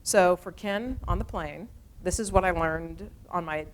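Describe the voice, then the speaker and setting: A woman, a TV anchor, telling a personal story to an audience in a candid, animated way and acting out conversations. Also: fairly low pitch, unhurried. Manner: animated, acts out conversations in different voices; candid and conversational, many asides. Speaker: TV morning show anchor.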